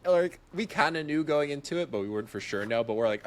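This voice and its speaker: A fast-talking young man with a slightly high voice shares a story on a podcast where he's a guest. His telling is casual and lively, full of laughter and acted-out quotes.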